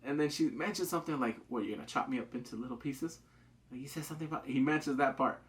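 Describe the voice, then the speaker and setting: A man casually reviewing a TV episode, excitable, acting out quotes with big jumps in pitch and swearing loosely. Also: fast. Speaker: TV show reviewer.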